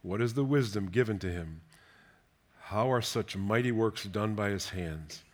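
At a measured pace and fairly low pitch, a man preaches, reciting scripture and then commenting on it. His tone ranges from soft tenderness and quiet whispers to animated, emphatic questions.

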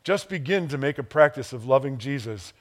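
A male pastor from the Chicago area preaching a sermon, animated and playful, acting out quotes and chuckling at his own asides. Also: a little fast. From Chicago area, USA. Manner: animated, acts out quotes with big pitch jumps.

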